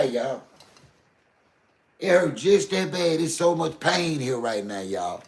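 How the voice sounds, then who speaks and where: An older man hosting a live stream. His voice is gravelly and grainy, and it bounces around an echoey room. He talks to his chat in a heated, preachy way. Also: fairly high pitch, lively intonation, slow. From Southern US. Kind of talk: emotional live stream talk.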